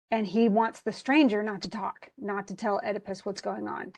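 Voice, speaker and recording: A woman teaching literature, retelling a tragedy and reading its lines aloud, with lively storytelling and many restarts. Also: mid-range voice, fairly quick, hardly any pauses. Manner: animated storytelling, reads quoted lines aloud, frequent restarts. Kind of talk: lecture retelling a play.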